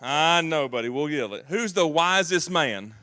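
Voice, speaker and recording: A man's voice: a little high, animated, unhurried, sharp tone. A man with a Southern US accent, a Bible class teacher patiently quizzing and prompting children during a church service. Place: church auditorium.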